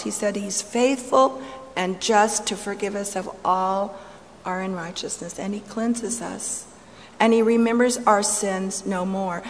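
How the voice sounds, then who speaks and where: A middle-aged woman tells her story in sermon style, playful at times, then hushed and intense. Her voice carries through a large hall with a long, lingering reverb. A faint ambient hum sits underneath. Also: medium pitch. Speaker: speaker giving a testimony. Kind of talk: sermon-style personal testimony.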